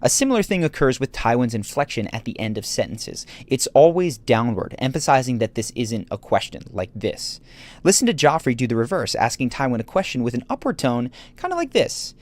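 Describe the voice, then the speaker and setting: A man doing scripted narration for a video essay, explaining points in a measured, analytical way. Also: mid-range voice, animated.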